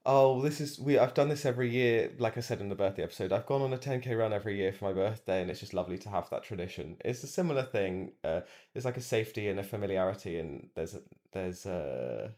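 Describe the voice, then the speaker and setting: Deep-voiced man in reflective chat. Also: fast, hardly any pauses, dark tone. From England. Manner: reflective, hesitant with many fillers. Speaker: podcast co-host. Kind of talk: casual chat.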